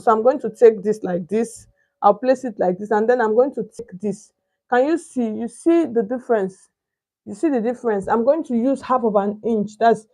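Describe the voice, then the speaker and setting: A woman's voice: on the high side, warm tone. A young Nigerian woman demonstrating pattern cutting step by step, chatty, often stopping to ask if viewers can see and searching for the right word. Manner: chatty, keeps asking "can you see?", searches for words. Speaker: sewing instructor. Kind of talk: step-by-step tutorial.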